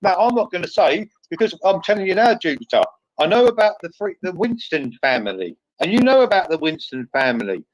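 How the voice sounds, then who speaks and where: A man's voice: high voice, very animated, fairly quick, few pauses, dry recording, poor audio. A man hosting a live online call, arguing combatively, interrupting and repeating himself. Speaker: live stream host. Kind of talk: heated live stream argument.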